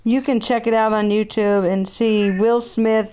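A woman's voice: on the high side, flat delivery, unhurried, dark tone, smooth. A middle-aged woman vlogging in a rambling, outspoken, opinionated casual monologue.

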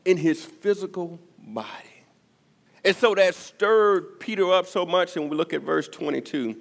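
A male pastor preaching a sermon, his delivery swinging from loud emphasis to near-whispers. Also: high voice, lively intonation, moderate pace, gravelly. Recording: long reverb of a church hall.

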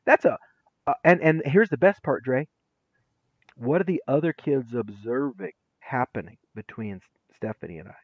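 Animated, lively-voiced male educator. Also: mid-range voice, moderate pace, no room sound. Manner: emphatic, punchy delivery with casual slang. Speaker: guest educator. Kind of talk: animated storytelling in conversation. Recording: dry, dull lo-fi sound.

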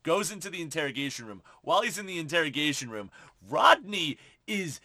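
A man in casual chat, excitedly recapping a film and cutting in with profane asides. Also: on the high side, brisk, dry recording, studio quality. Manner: excitable, profane, jumps in over the other speaker.

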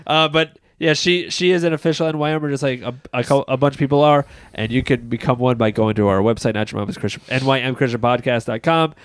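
A man's voice: medium pitch, fast talker, few pauses, smooth, dry recording. Man podcast co-host, laughing storyteller, thirties, dry close sound. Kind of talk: casual chat.

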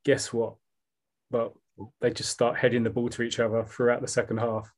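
A man's voice: mid-range voice, completely flat delivery, moderate pace. Rambling South East London man. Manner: rambling, with fillers and restarts. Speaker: podcast co-host. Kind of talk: casual chat.

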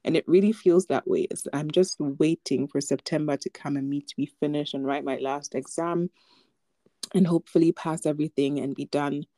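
A woman's voice: deep voice, fairly even intonation, moderate pace, warm tone, no room sound. A young woman co-hosting a podcast, chatting casually and telling a personal story with lots of fillers and light laughter. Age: young adult. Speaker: podcast co-host. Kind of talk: casual chat.

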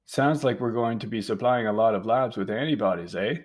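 A man's voice: lowish voice, fairly quick, husky. A man voicing a tired young male lab researcher who talks casually with hesitations in an audiobook.

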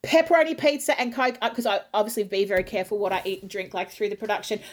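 An Australian woman in middle age, an opera singer talking casually in an interview, telling a lively story and acting out her own quotes. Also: mid-range voice, racing.

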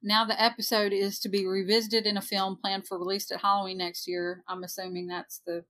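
A woman's voice: mid-range voice, little pitch movement, a little fast, fairly bright tone. A woman in her forties co-hosting a podcast, reading a ghost story aloud with joking asides. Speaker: podcast co-host.

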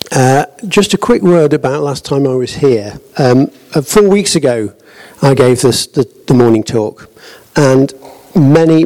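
A man's voice: mid-range voice, mellow, low-quality recording. A middle-aged man opening a sermon, hesitant and modest, with many ums and uhs. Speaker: preacher.

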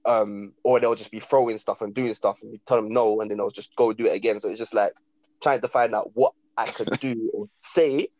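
A man's voice: lowish voice, steady tone, brisk, darkish tone, no echo, poor audio. A young man chatting casually on a podcast, rambling with slang and restarts. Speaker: podcast co-host. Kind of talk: casual chat.

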